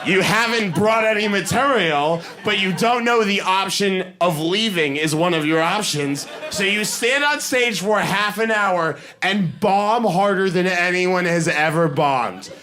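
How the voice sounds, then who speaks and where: A man from the Boston area performing a stand-up comedy set, telling stories quickly and animatedly, with bursts of shouting. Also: high voice. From Boston area, USA.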